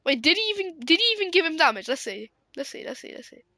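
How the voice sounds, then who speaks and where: A woman giving casual, excitable live sim racing commentary, giggling and swearing as she banters. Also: sits high, fast, no echo.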